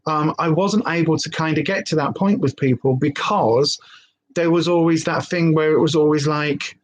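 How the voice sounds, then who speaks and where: A woman's voice: deep voice, moderate pace, slight background noise. A woman vlogger rambling candidly in a casual live-stream chat.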